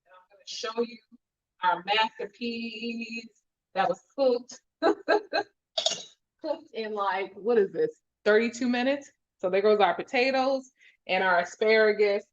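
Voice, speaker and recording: A woman's voice: a little high, muffled recording. A woman with a fading New Jersey accent hosting a live cooking demo, chatting with viewers as she cooks. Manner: upbeat, chatty, reads viewer comments. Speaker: cooking show host.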